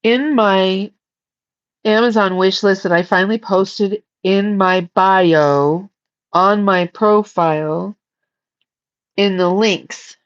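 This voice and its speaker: A woman's voice: mid-range voice, steady tone, slow pace, lo-fi sound. A woman hosting a casual livestream, chatting and giggling as she reads viewer comments. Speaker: psychic livestream host.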